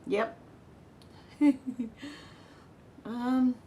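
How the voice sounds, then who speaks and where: A woman's voice: high-pitched, very slow, dark tone, slight background noise. An Australian woman hosting a livestream, chatting casually, laughing and reading out comments from her viewers. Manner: chatty, laughing, reads chat comments aloud. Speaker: livestream host.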